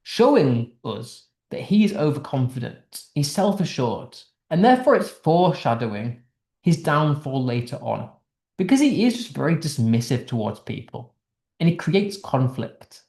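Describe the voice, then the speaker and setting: Very animated and warm-toned, a mid-range male voice with vocal fry walks through a text line by line in an informal online English literature lesson. He is from the United Kingdom, talks chattily with restarts at a moderate pace, and the sound is roomy.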